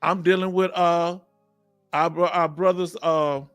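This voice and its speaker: A middle-aged man hosting a live chat, reading comments aloud and talking warmly and emotionally in casual vernacular. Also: a little high, little pitch movement, measured pace, clean tone, no echo, studio quality, soft background music. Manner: warm, emotional, talkative, Southern US vernacular. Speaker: livestream host.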